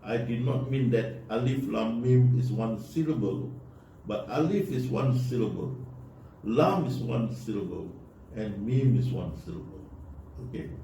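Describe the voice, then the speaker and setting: A man preaching in a slow, earnest voice, pressing his points and repeating them. His tone is mellow and warm. He sounds far from the mic in a very echoey room with faint noise behind. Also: mid-range voice, animated. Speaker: religious speaker. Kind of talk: religious talk to an audience.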